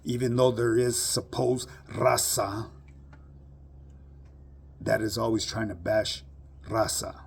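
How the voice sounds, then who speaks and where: A man's voice: fairly low pitch, fairly even intonation, slow pace, creaky, long pauses, slightly rough. A man giving a blunt, profane monologue full of street slang to his online audience. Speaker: social media commentator. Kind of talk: casual monologue to camera.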